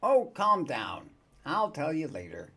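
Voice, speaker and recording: A man's voice: on the high side, huge pitch swings, slow pace, gravelly, pushed and bright, breathy edge, full character voice. An older man reading aloud the lines of a prim, evasive male scholar.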